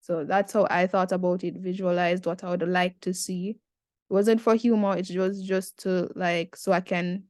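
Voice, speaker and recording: A woman's voice: lowish voice, moderate pace, dry recording, studio quality. Chatty young Jamaican woman tutor. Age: 20s. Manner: chatty, relaxed, slangy asides. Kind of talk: casual essay-writing tutorial.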